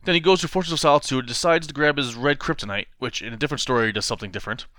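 A man's voice: medium pitch, rapid-fire, dry recording, clean studio sound. A man casually retelling a comic story to a friend, laughing often and acting out the lines. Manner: animated storytelling, laughs often, acts out quotes. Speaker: podcast co-host recapping a comic. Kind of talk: casual chat.

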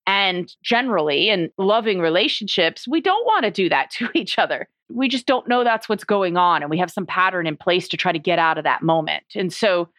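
A woman's voice: on the low side, animated, brisk, hardly any pauses, a bit bright, no room sound. A woman speaking as a sexologist guest on an interview podcast, chatty and explaining, often saying "like" and laughing easily.

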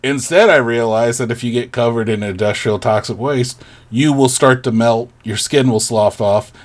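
A man co-hosts a podcast, chatting casually in a rambling, wry way full of fillers. His voice is medium-pitched and his pace moderate.

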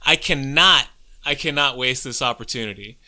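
A man with a Youngstown, Ohio accent, co-hosting a casual chat, heated and profane, telling stories and mimicking himself shouting. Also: mid-range voice, normal speed. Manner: heated, profane, storytelling with loud put-on shouting.

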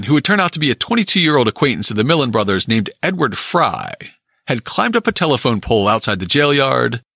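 A man's voice: mid-range voice, husky, dry recording, studio quality. A man narrating a scripted true-crime history and reading old newspaper accounts aloud. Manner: lively storytelling, quotes old newspaper accounts.

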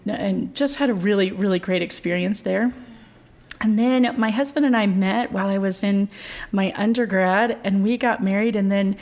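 A woman voice professor in her thirties tells her story in a relaxed, chatty way. She fills pauses with little hesitations and laughs easily. Her pitch sits in a middle range. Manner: chatty, laughs often, many fillers. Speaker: voice professor, guest. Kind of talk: conversational interview.

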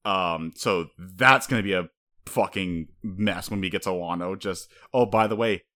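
A man co-hosting a casual chat, excitable and swearing freely, sometimes acting out characters. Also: low-pitched, measured pace. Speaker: podcast co-host.

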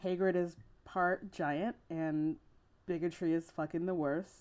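A woman's voice: on the low side, fairly even intonation, unhurried, darkish tone. Exasperated, foul-mouthed woman co-host. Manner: heated, swears constantly, exasperated. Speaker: podcast co-host. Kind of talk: casual podcast chat.

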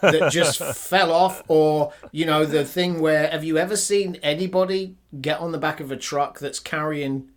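A man's voice: fairly high pitch, fairly even intonation, normal speed, hardly any pauses. A man co-hosting a casual film-review chat, who explains the plot in detail. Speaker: podcast co-host reviewing films.

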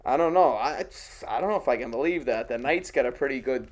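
A man's voice: medium pitch, expressive, quick pace. Profane man chatting loosely. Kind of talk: casual chat.

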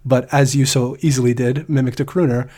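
A man's voice: mid-range voice, steady tone, brisk, warm tone. A man co-hosting a casual podcast, rambling with lots of fillers and laughing often. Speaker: podcast co-host.

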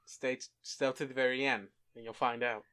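A young man co-hosting a podcast, relaxed and hesitant, with lots of fillers. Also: mid-range voice, fairly quick, clear, resonant tone. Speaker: podcast co-host. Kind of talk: casual chat.

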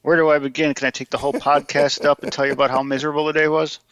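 A man's voice: a little high, little pitch movement, very fast, fairly bright tone, no room sound. A man co-hosting a casual podcast over drinks, making dry jokes with hesitant fillers. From Tennessee. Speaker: podcast co-host. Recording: dull lo-fi sound.

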